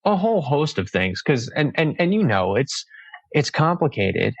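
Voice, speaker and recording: A man's voice: a little high, big pitch swings, normal speed, creaky, no room sound, lo-fi sound. A young man, a guest author in a podcast interview, speaking hesitantly with many restarts. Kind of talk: casual interview chat.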